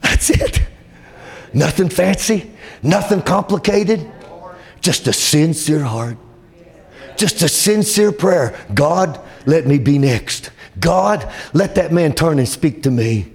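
A male preacher in full sermon, his voice husky and set a touch high. He rises into shouted, fervent peaks, then drops low and quiet to press a point home. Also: expressive, takes it slowly. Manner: impassioned, swings between shouting and soft low passages.

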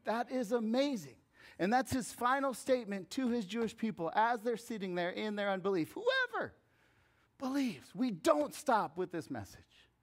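A man preaching a sermon as pastor, swinging from hushed, intimate lines to loud, emphatic calls. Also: high-pitched, animated, moderate pace.

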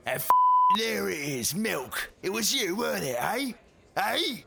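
An actor playing a hot-tempered, gruff British driving instructor in a comedy sketch. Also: male voice, high voice, big pitch swings, measured pace, full character voice. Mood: menacing.

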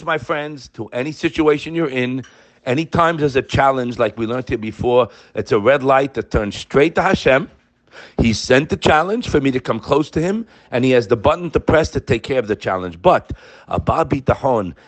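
An older man giving an impassioned sermon, emphatic and full of rhetorical questions. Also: mid-range voice. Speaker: religious teacher.

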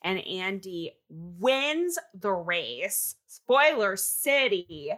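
A woman recapping a movie in casual chat, talking fast and animated with lots of fillers. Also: medium pitch.

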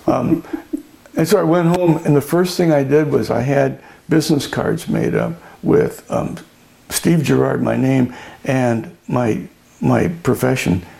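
A man's voice: medium pitch, unhurried, vocal fry, dark tone. An older man who owns a winery, telling anecdotes in an oral history interview, chatty, laughing often and acting out the voices of people he quotes. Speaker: winery owner.

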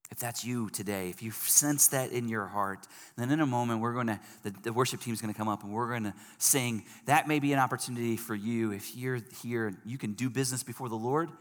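A male pastor preaching a sermon in a church, animated and emphatic, swinging from loud emphasis to soft, earnest passages. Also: mid-range voice, brisk, hardly any pauses. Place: church service hall. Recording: long reverb of a large hall.

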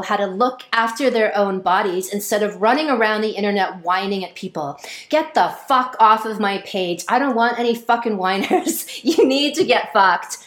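Ranting woman, sarcastic and profane, with a higher voice and a roomy echo. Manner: mimics others in high whiny voices. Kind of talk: ranting monologue.

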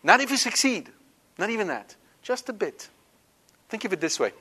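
A man delivers a sermon in a fairly high voice. He speaks emphatically and keeps checking in with his listeners, asking whether they understand. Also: big pitch swings, normal speed, pushed and bright, breathy edge. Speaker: preacher.

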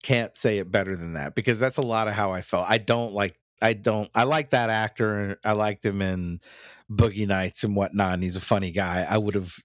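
A man's voice: on the low side, fairly even intonation, moderate pace, no echo, studio quality. A man chatting casually as a podcast co-host, candid and profane, often restarting his sentences. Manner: candid, profane, mimics lines while he talks. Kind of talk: casual chat.

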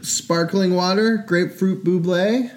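A man's voice: sits high, fairly even intonation, measured pace. A young man co-hosting a podcast, rambling and joking in casual chat, often trailing off into fillers. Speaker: podcast co-host.

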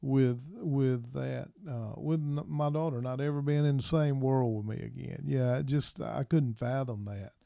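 Middle-aged preacher guy talking low and slow-ish, lots of uh's, mellow voice, dead dry room. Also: steady tone, gravelly, no echo. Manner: halting and soft-spoken, with many pauses and restarts. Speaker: minister and interview guest. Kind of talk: personal testimony in an interview.

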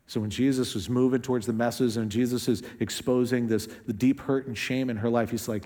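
A male pastor preaching a sermon in a conversational way, acting out quotes with shifting pitch and pace. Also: fairly even intonation, a little fast, few pauses, dark tone, in a large hall.

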